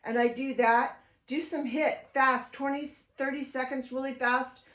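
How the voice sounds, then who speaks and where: A woman's voice: sits high, fairly even intonation, a little slow, a bit bright. An older woman vlogging casually at home, chatty and emotional, rambling with frequent restarts. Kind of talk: casual vlog talk to camera. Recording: echoey room.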